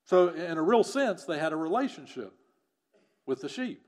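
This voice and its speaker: A man with a fairly high voice preaches a sermon. He explains a scripture passage in a teaching manner. He often sinks quieter on key phrases. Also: big pitch swings, normal speed. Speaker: pastor. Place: church or studio with a screen.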